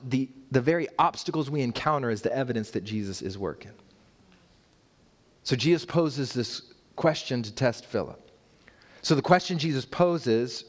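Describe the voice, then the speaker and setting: A man preaching a sermon to his congregation, with rhetorical questions, emphatic repeated phrases and playful asides to the church. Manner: builds in pitch and force toward emphatic points, with rhetorical questions. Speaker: pastor.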